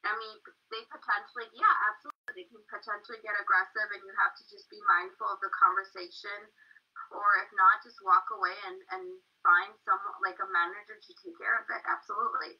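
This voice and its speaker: A woman rambling through a story in a casual group discussion, with "like" scattered throughout. Her voice sits in a middle pitch and sounds far from the mic, with a dull, muffled tone. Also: fairly even intonation, fast, husky. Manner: rambling, full of "like". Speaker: group participant. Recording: distant muffled audio.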